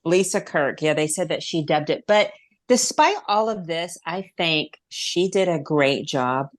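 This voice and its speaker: A woman hosting a casual chat, enthusiastic and animated as she retells favorite scenes. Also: deep voice, measured pace. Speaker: podcast host.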